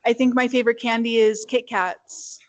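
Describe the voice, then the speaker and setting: A woman's voice: a little high, little pitch movement, moderate pace, rough recording. A woman who chairs a youth board, introducing herself at a meeting in a casual, slightly hesitant way. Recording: faint background noise.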